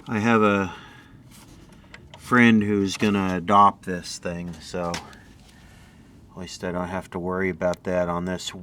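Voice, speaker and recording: A man's voice: low voice, flat delivery, slow, pauses often, a bit bright, slight background noise. A middle-aged man casually narrating as he inspects old equipment in a workshop, thinking aloud with mumbled asides. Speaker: repair video host.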